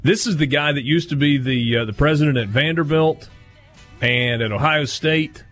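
A man hosting a sports talk radio show in a studio, running through schedules and promos in a brisk, dry way. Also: a little high, fairly bright tone, faint music behind.

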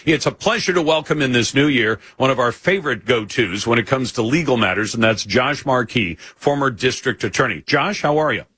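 A man hosting a talk radio show, pressing his points with firm opinion. His voice is husky and slightly breathy, and the studio sound is close and dry. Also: medium pitch, expressive, brisk, hardly any pauses, fairly bright tone, dry recording. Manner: opinionated, emphatic.

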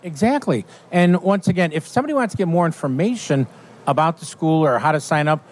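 A man's voice: on the high side, brisk. A man hosting an outdoors radio show, prompting his guest with brief questions and joking asides. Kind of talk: casual radio interview.

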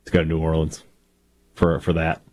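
A man's voice: very deep voice, completely flat delivery, normal speed, a little mellow. A man with a Southern American accent co-hosting sports radio, self-deprecating and often stumbling over repeated restarts. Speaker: sports talk radio co-host. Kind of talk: casual sports radio banter.

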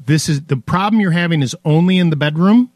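A man's voice: a little high, brisk, darkish tone, no room sound, studio quality. A man hosting a call-in radio show, chatting casually and teasing his co-hosts. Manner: playful teasing banter. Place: radio studio. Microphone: studio mic.

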